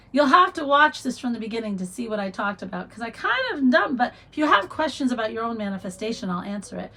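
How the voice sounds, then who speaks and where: A middle-aged woman hosting a casual livestream, chatting and reading viewer comments aloud with warm encouragement. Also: fairly high pitch, lively intonation, a little fast, poor audio. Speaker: livestream host.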